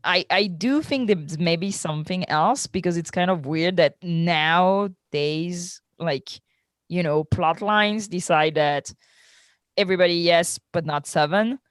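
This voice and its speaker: A woman's voice: lowish voice, measured pace, no echo. A woman co-hosting a podcast, reviewing a TV episode in casual chat, laughing often and filling her talk with "like". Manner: chatty, laughs often, says "like" a lot. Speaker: podcast co-host.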